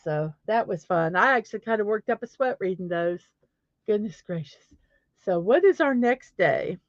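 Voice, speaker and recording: Speaking at normal speed in an expressive mid-range voice, a middle-aged woman with a Southern accent chats solo as host of a daily positivity show. She's giggly and self-deprecating, apologizing and laughing whenever she stumbles. The sound is dry and lo-fi.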